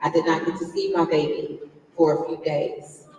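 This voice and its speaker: With a low, steady, slightly mellow voice at normal speed, a woman in her forties gives a motivational business talk from a big conference stage, questioning the audience and telling a heartfelt personal story in a conversational way. The far-off recording is muffled and echoey, with a little hiss or hum.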